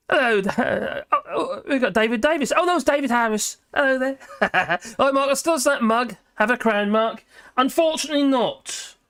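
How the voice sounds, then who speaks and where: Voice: mid-range voice, animated, measured pace, a bit bright. A live-stream host, chatting casually and reacting to viewer comments in a scattered, talkative way.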